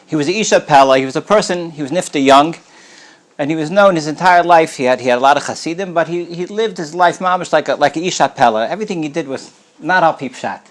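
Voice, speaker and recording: With a slightly high voice and a quick pace, this rabbi leads a Torah class full of casual stories. He keeps clearing his throat, restarts words, and blends Hebrew and Yiddish terms into his speech.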